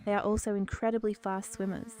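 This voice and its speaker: A woman's voice: mid-range voice, level tone, fast, a little mellow. Cheerful sing-song woman teaching toddlers. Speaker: children's video narrator. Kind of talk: scripted narration for toddlers.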